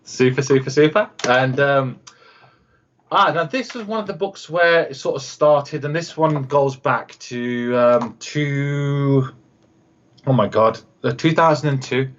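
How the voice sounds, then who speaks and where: On a video call interview, a guest who works as a radio host and producer chats slowly, wandering through anecdotes with many fillers and performing the voices of those he quotes. He has a mid-range, slightly bright voice, and the audio is dull.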